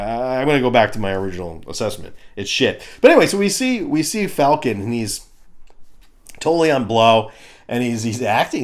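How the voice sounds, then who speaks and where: A man in his fifties giving a crude, ranting comedic review of a cartoon. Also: mid-range voice.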